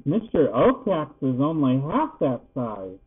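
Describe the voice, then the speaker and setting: A man's voice: a little high, very animated, measured pace, husky, full character voice. A man voicing a small, timid young female mouse who pleads in a small voice. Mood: frightened. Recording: tinny phone-like sound.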